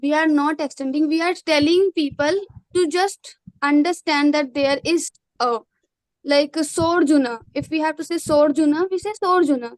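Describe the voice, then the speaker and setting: A woman's voice: sits high, moderate pace, no echo, low-quality recording. A woman teaching grammar to students over a video call, explaining patiently step by step. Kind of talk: online class teaching.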